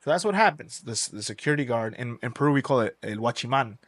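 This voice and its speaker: A man's voice: medium pitch, fast talker, dry recording. Swearing young man telling a story. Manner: animated, swears freely, acts out quoted voices. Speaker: podcast host. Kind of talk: casual storytelling.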